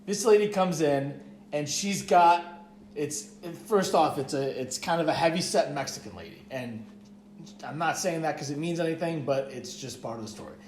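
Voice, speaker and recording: A man's voice: a little high, moderate pace, darkish tone, slight background noise. Young man rambling through a story. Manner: rambling, profane, heavy use of "like". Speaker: podcast co-host. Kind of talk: casual storytelling chat. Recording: echoey room.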